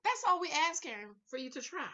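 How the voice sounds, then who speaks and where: A sassy woman vlogger chats at home with her viewers. Her voice is bright and fairly high, and it swings widely in pitch. The sound is a little dull and lo-fi. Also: brisk. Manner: sassy, animated, calls viewers y'all, honey and girl. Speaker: reality TV recap vlogger. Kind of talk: casual chatty commentary to viewers.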